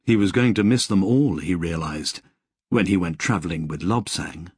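A man's voice: sits low, moderate pace, a little mellow, slightly rough, no echo, studio quality. A man reading a novel aloud as an audiobook narrator, telling the story expressively. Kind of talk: scripted narration.

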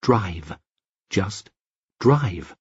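A man voicing a strange, soft-spoken man who talks slowly and stiffly, like a robot. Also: mid-range voice, animated, breathy edge, no room sound, lo-fi sound. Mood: calm, commanding. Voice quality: soft-voiced. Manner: slow, stilted, robotic delivery.

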